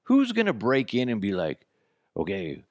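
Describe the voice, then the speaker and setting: A man's voice: fairly low pitch, wildly swooping pitch, normal speed, a little mellow, no room sound, clean studio sound. A man hosting a podcast, in a casual comic monologue full of swearing and jokey asides. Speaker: podcast host.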